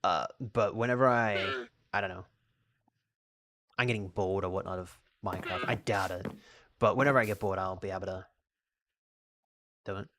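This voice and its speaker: A man's voice: low voice, fairly even intonation, normal speed, long pauses, bright, forceful tone, slight background noise. An Australian man streaming a game and chatting casually, rambling and restarting his sentences as he answers chat. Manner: reads out and answers chat questions. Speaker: live streamer.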